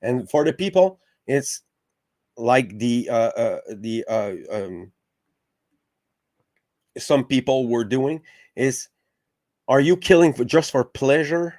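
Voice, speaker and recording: A man's voice: medium pitch, expressive, a little mellow, dry recording, studio quality. A man hosting a podcast, arguing passionately with lots of swearing and stumbling restarts. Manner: profane, passionate, halting with restarts. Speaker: podcast host. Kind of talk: heated casual discussion.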